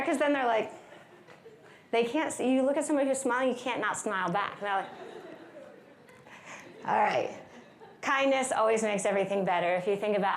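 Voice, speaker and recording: A woman giving an energetic, upbeat wellness talk at a conference, leading the audience through stretches and breathing with playful asides. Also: a little high, roomy sound. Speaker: wellness speaker. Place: large conference hall.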